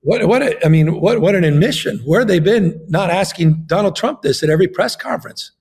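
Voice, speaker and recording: A man's voice: sits high, expressive, fairly quick, darkish tone, slightly rough. A man, a governor, giving an impassioned political interview, emphatic and fond of repeating his phrases.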